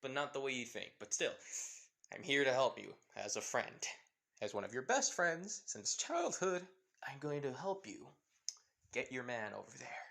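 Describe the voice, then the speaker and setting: Man voicing a soft-spoken, chill teen boy. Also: mid-range voice, big pitch swings, moderate pace, gravelly, full character voice. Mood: reassuring. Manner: quiet, laid-back, soft-spoken. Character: calm, confident teen boy, supportive friend. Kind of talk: fan story narration.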